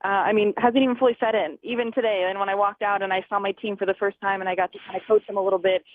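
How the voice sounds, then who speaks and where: This is a phone interview with a twenty-something woman fighter, her mid-range voice rapid-fire and fairly even in intonation. She chats, laughs frequently and acts out conversations, and the tinny phone line is dry.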